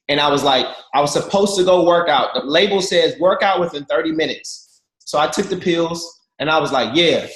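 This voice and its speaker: A man in his thirties telling jokey, slangy stories to a team on a video call and talking straight to his listeners. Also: mid-range voice. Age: 30s. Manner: lively, slangy, jokey, addresses listeners directly. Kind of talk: animated storytelling to a group. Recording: echoey room over a video call.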